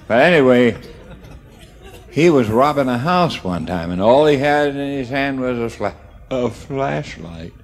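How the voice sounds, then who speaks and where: A male comedian telling stand-up stories in a halting, stammering way. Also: on the low side, a little mellow. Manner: halting, stammering delivery with restarts. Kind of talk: stand-up storytelling.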